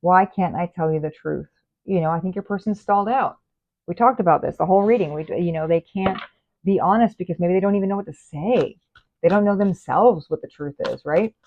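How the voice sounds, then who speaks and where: A woman with a lowish voice gives a casual tarot reading at a fairly quick clip, chatting and rambling as she addresses the viewer directly. The audio has a narrow, phone-like quality.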